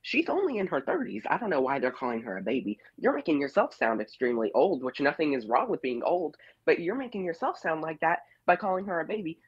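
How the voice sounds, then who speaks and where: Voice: mid-range voice, husky, no echo. A caller giving a casual, blunt and opinionated rant about reality TV, scolding the cast members directly. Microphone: phone or online call-in. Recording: muffled call-in line.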